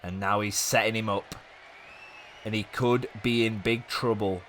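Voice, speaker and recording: A man hosting a gaming video, giving chatty play-by-play commentary that rambles and jumps up with excitement at big moves. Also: on the low side, unhurried, some chatter behind, a little hiss or hum. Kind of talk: casual play-by-play game commentary.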